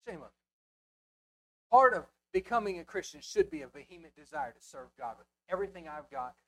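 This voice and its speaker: A man preaching in a church before a live congregation. He drops to near-whispers, then surges loudly on key words, and keeps asking the congregation rhetorical questions. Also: high voice, big pitch swings, quick pace. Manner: impassioned, swinging from hushed asides to loud emphasis. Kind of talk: sermon.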